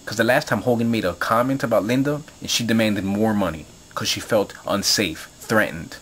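Here a male video blogger vents furiously at the camera, cursing and rambling with frequent fillers and repeated lines. His voice is on the low side with a fairly bright tone, and he speaks at normal speed. There's a little hiss or hum.

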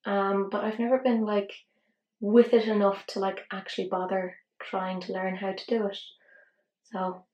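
Chatty Irish woman in a roomy space. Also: a little high. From Ireland. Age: 30s. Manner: chatty and self-mocking, drops into soft asides. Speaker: beauty vlogger. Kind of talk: casual makeup tutorial chat.

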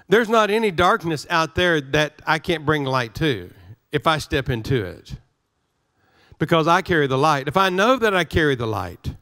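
A man's voice: a little high, sharp tone. A male pastor preaching a sermon, emphatic, repeating his phrases and restarting words as he drives his points home.

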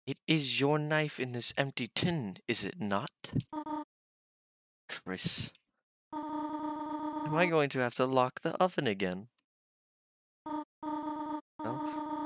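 A man voicing a gentle, motherly woman in a put-on soft British accent. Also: mid-range voice, big pitch swings, takes it slowly, long pauses, voice pushed up. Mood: gentle, mildly scolding.

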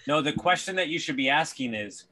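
A man's voice: a little high, animated, a little fast, pushed and bright. A male podcast host, fired up and blunt, swearing freely in conversation.

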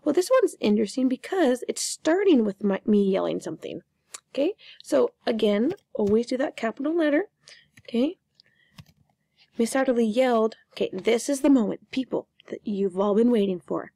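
A young woman teaching grammar in a lively, joking way, stuttering over and repeating her words as she walks through examples. Her voice sits a little high but sounds mellow, with a gravelly edge. The recording is close and dry. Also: moderate pace, long pauses, dry recording. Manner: chatty, playful, repeats words. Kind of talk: online grammar lesson.

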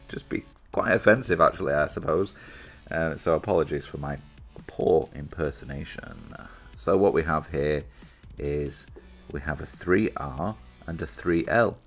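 A man's voice: deep voice, a bit bright. A British man chatting casually as he demonstrates a product he is unboxing, thinking aloud and poking fun at himself. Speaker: reviewer presenting an unboxing.

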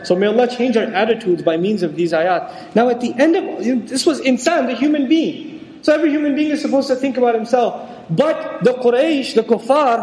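A man's voice: sits high, darkish tone. A man giving a religious lecture on scripture in a conversational way, acting out the voices he quotes. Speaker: Quran lecturer. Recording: echoey hall with long reverb.

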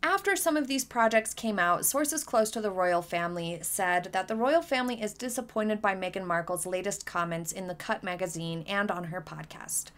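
A woman's voice: medium pitch, moderate pace, few pauses, a bit bright. A young adult woman hosting her own channel, giving blunt, scornful commentary in a lecturing tone. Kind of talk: opinionated scripted commentary.

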